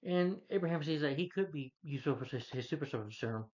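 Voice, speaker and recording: A man's voice: fairly high pitch, animated, quick pace, a little mellow, highs cut off. Man rambling through a movie recap. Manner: rambling, loose retelling with restarts; earnest, heartfelt asides. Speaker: movie reviewer. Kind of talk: casual plot recap.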